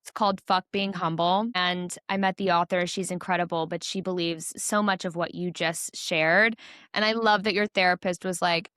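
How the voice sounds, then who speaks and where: A woman's voice: on the low side, steady tone, normal speed, fairly bright tone, dry recording. A woman hosting a studio interview, reflecting on the guest's answers and asking follow-up questions. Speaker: podcast host.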